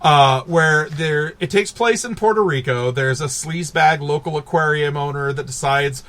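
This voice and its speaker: A man co-hosting a casual podcast, animated and laughing as he recaps films and acts out characters. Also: on the high side, normal speed. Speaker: podcast co-host. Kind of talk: casual chat.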